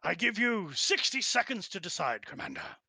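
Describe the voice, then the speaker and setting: A man voicing a grim orc war chief in a tabletop game, speaking low and threatening. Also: sing-song, moderate pace, sharp tone, breathy edge, dry recording, heavily acted. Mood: menacing.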